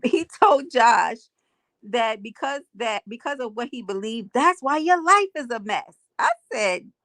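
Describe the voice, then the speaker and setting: A woman's voice: fairly high pitch, a bit bright, no room sound. A woman hosting a live stream, chatting to her viewers, greeting commenters and telling stories. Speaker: livestream host. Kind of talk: casual gossip chat to viewers. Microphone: earphones with mic on a live stream.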